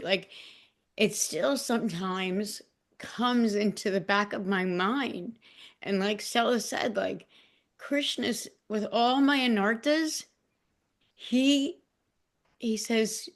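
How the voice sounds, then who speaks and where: Woman group member, near tears, self-deprecating, halting and raw. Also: mid-range voice. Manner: emotional, self-deprecating, many restarts. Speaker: group participant. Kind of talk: casual heartfelt sharing.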